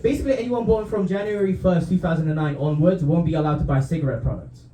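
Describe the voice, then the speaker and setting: A man's voice: fairly high pitch, quick pace, dark tone, reverberant, a little hiss or hum. A young man from Romania doing a stand-up routine in a comedy club, often laughing at his own jokes and tossing in dry asides.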